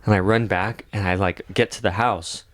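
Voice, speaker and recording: A man's voice: fairly low pitch, fairly even intonation, normal speed, no echo. A young man telling a long dream story on a podcast, rambling with lots of fillers and swearing. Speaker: podcast co-host. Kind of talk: casual storytelling.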